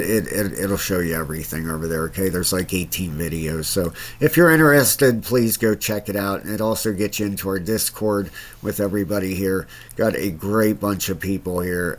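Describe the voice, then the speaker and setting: Deep-voiced man rambling through crypto charts. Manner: rambling, many fillers and restarts. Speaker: crypto channel host. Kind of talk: casual screen-share market commentary.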